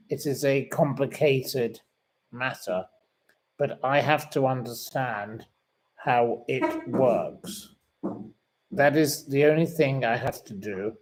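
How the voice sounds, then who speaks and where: Slow-talking indignant man. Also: medium pitch, low-quality recording. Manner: indignant and plummy, repeats himself. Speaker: livestream host. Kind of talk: casual live chat reading viewer comments. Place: sitting room.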